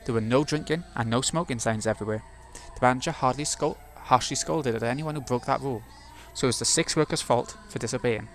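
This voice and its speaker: A man's voice: mid-range voice, fast, hardly any pauses, soft background music. A man hosting a let's play, reading a visual novel's narration aloud and muttering asides to himself between passages.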